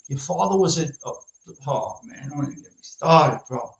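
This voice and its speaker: A man's voice: high voice, moderate pace, gravelly. Brash profane New York man ranting. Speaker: podcast host. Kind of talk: ranting casual chat. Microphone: live stream mic. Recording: echoey lo-fi room sound.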